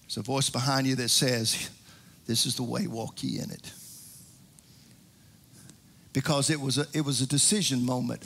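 A man's voice: fairly high pitch, a bit bright. An older man preaching a sermon as pastor, with rising emphasis and frequent restarts.

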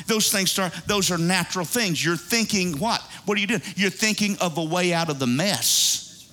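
A man's voice: high voice, animated, moderate pace, pushed and bright. A man preaching a sermon in a conversational way, calling out to the congregation. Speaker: pastor.

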